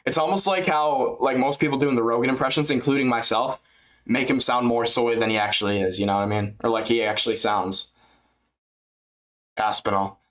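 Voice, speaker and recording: Hoarse young man rambling on a stream. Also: medium pitch, fairly even intonation, fairly quick, fairly bright tone. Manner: rambling, laughing, slangy, slips into impressions. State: voice worn out. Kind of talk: casual fight-companion livestream chat.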